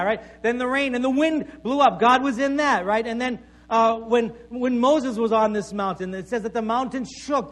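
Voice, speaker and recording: A male pastor preaching a sermon before a congregation in a conversational way, checking in with "right?" and dropping to a soft voice for emphasis. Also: very high-pitched. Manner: conversational preaching with frequent "right?" tag questions and stammered repeats; drops to soft, quiet tones for emphasis.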